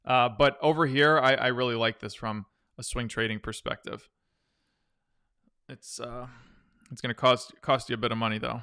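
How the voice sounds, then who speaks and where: A man's voice: medium pitch, steady tone, moderate pace, long pauses, pushed and bright, smooth. A man hosting a live stock-trading stream, chatting loosely through viewer questions and often restarting his sentences. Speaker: stock trading livestream host. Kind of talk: casual live-stream chart analysis.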